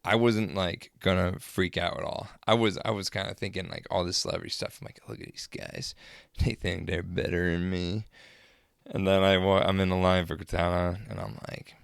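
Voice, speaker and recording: A young man casually telling rambling, crude, excitable stories to his camera. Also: deep voice, a little fast, vocal fry, clean tone, no echo, studio quality. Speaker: vlogger. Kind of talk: casual storytelling.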